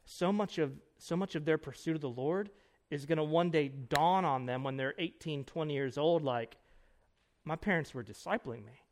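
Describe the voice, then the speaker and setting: A man's voice: on the high side, a little mellow. Conversational man preaching at a conference. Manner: conversational, emphatic, quick asides and rhetorical "right?". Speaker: pastor. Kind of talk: conference breakout teaching. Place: conference room.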